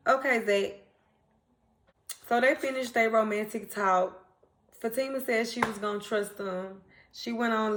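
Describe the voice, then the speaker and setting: A woman with a slightly high voice hosts a TV recap, walking viewers through an episode in a casual, animated way, acting out characters' lines and laughing often.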